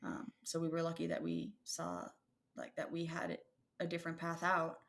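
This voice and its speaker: A woman's voice: low voice, completely flat delivery, moderate pace, vocal fry, slight background noise. A woman in her thirties co-hosting a podcast, talking in a thoughtful, rambling way with many fillers and restarts. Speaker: podcast co-host. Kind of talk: casual conversational chat.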